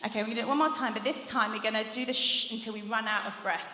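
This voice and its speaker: This is a live masterclass in a big conference hall, where a young female vocal coach teaches in a chatty, encouraging way, often laughing as she demonstrates. Her fairly high voice stays steady while she talks rapid-fire. Background noise sits under the echoey, long-reverb sound of the hall.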